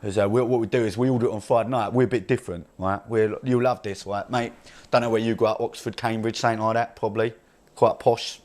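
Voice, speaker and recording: A man's voice: medium pitch, a little mellow, lightly acted. A man playing a brash, crude chav with an Essex accent, rambling and swearing in laddish banter as a comedy character monologue.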